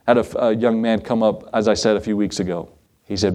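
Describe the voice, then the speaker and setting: A man's voice: on the low side, moderate pace, long pauses, darkish tone. A man pastor preaching a sermon in an earnest, folksy way, chuckling often and driving points home with repetition. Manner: emphatic repetition, rising preacher cadence.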